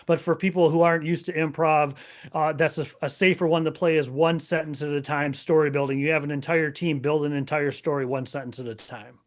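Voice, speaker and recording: Lively man guesting on a podcast. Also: a little high, fairly quick. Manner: lively, emphatic, talks through ideas with restarts. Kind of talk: casual interview talk.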